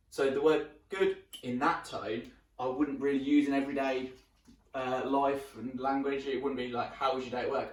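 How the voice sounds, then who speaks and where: A man working as a dog trainer, calmly explaining a method while repeating a short marker word to his dog. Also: medium pitch, normal speed. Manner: relaxed, with fillers and restarts. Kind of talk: instructional demonstration. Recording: roomy sound from some distance.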